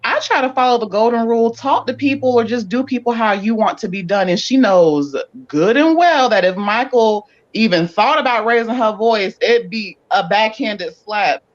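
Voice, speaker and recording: Measured reflective panelist, mid pitch, slightly dull audio. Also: animated. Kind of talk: casual panel discussion.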